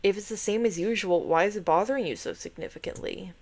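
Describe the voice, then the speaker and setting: A woman's voice: mid-range voice, fast talker, a little mellow, natural voice. A woman voicing a snarky but caring young brother, dry and teasing.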